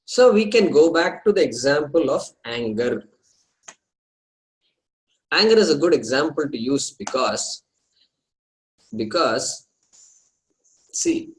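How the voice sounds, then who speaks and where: A man teaches a scripture study class, explaining terms slowly and repeating them, with some hesitant pauses as he addresses his students. His voice is a little high and animated, and the recording is rough.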